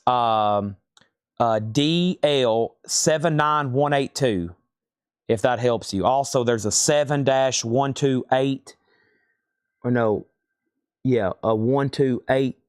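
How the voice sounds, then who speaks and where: A man's voice: medium pitch, no room sound, clean studio sound. A man hosting a live record sale, rattling off prices and catalog numbers while he has the hiccups. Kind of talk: live-stream auction selling.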